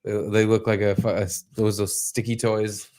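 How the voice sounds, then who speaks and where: A man's voice: fairly low pitch, little pitch movement, normal speed, darkish tone. A man hosting a podcast in casual, joking chat, swearing freely and reading out chat messages. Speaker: podcast host.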